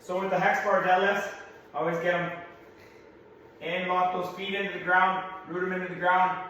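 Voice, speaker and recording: A slightly hoarse man coaching through a workout, giving practical cues in a large gym. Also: high-pitched, flat delivery, moderate pace, a bit bright, highs cut off, a little hiss or hum. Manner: practical, coaching cues, talks to his son in asides. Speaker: strength coach. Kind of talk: instructional workout walkthrough. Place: large echoey gym, indoors. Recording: echoey gym from a distance.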